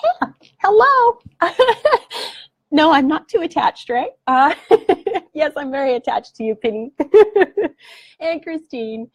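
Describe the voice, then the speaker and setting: A woman's voice: high voice, expressive, slow, pauses often, darkish tone, no room sound. Effusive woman coach hosting a live stream. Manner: effusive and affectionate, blows kisses. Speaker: spiritual awakening coach. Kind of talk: live stream chat answering viewer comments.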